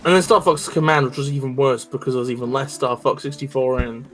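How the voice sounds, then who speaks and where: A man's voice: mid-range voice, fairly even intonation, fast talker, faint music behind. A man co-hosting a game stream, chatting casually with joking, profane, rambling riffs. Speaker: stream co-host. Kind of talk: casual chat while gaming.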